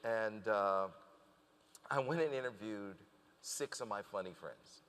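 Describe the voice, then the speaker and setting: A man's voice: fairly low pitch, takes it slowly, clean tone, long reverb tail. A man telling a story as a guest in a conversational interview, acting out the lines of the people he quotes. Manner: animated storyteller who acts out quoted dialogue.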